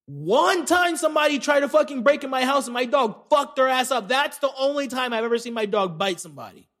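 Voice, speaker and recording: Very high-voiced man ranting profanely. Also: lively intonation, brisk, fairly bright tone. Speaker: podcast host. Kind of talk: solo comedy podcast rant.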